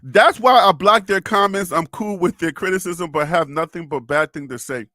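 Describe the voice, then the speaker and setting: Talking at a moderate pace, the North Carolina sports streamer addresses his chat with lively energy, laughing a lot and saying things twice. His high voice is bright and forceful, and the recording is close and dry with no room sound.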